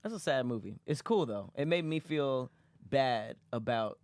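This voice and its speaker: A man hosts a casual comedy podcast, trading jokes and laughing easily. His voice sits at a middle pitch. The sound is dry and close to the mic. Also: lively intonation, moderate pace, a little mellow, no echo. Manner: laid-back, joking, laughs often. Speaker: podcast host.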